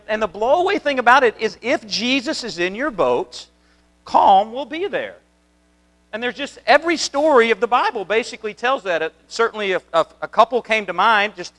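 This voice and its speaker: A man's voice: high-pitched, pushed and bright. A man preaching a conversational sermon as a pastor, telling the story in a chatty way with many restarts. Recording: long reverb of a hall.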